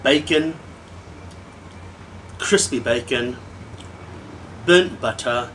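Brief: slightly tipsy male whisky vlogger, mid-pitched, loose, ranting, swears a lot. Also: extremely slow, a little hiss or hum, low-quality recording. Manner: animated, ranting, swears freely. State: a little tipsy. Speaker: whisky reviewer. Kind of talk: casual tasting review.

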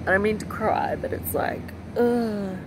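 A woman giving a personal vlog update, talking in an emotional, halting and rambling way. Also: medium pitch, steady tone, noisy background. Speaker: vlogger. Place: outdoors with passing aircraft.

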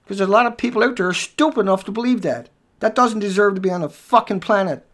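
A man delivering an angry, profanity-filled rant over news headlines, swinging between shouts and low muttering. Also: fast. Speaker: video commentator.

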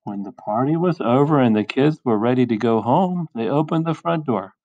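A male teacher reading a picture book aloud in a slow, expressive storytelling voice. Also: medium pitch, lo-fi sound.

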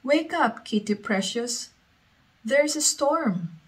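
A woman reading aloud, voicing an impulsive six-year-old girl with a stormy temper who shouts and pleads. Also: high voice, lively intonation, slow, breathy edge, pitched above the performer's own voice, full character voice. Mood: eager.

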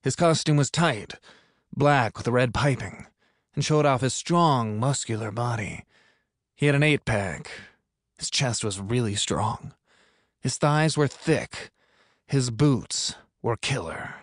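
A man's voice: mid-range voice, animated, takes it slowly, no echo, studio quality. A man narrating an audiobook in an upbeat, playful manner, recorded in a booth. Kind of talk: scripted narration.

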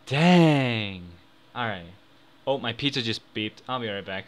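A young man giving casual commentary on a gaming gamble video, excitable and swinging from mumbles to shouts. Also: medium pitch, measured pace, clean tone. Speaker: gaming YouTuber. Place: home room. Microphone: desk microphone.

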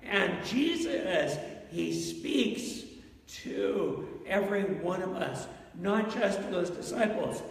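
An unhurried male pastor with a high, gravelly voice, preaching to a congregation and pausing to ask them questions. His voice rings through a large church with a long reverb tail. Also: lively intonation, recorded from a distance. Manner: asks the congregation questions, storytelling. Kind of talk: interactive sermon. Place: church sanctuary.

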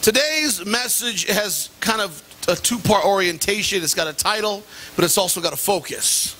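A middle-aged male pastor preaching a sermon and telling animated, self-deprecating stories with sudden jumps in pitch. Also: normal speed, slight background noise. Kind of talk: sermon with personal anecdote. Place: church sanctuary.

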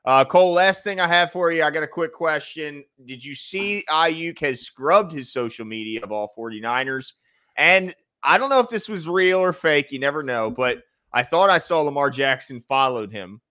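A man's voice: fairly high pitch, animated, moderate pace, sharp tone. A man hosting a casual sports talk show, rambling and reading viewer comments aloud. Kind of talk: casual sports podcast chat.

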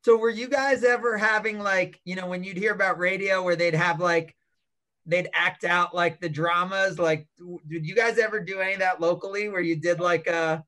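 Bright high-voiced male co-host. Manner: rambling questions full of "like" and "you know". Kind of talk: casual interview.

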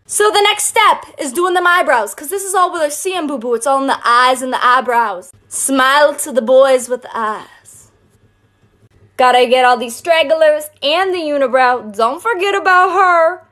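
A woman's voice: high-pitched, normal speed, a bit bright. A woman playing a cocky teen girl giving a slangy get-ready tutorial in a comedy sketch. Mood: sassy. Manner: sassy, slangy, showing off.

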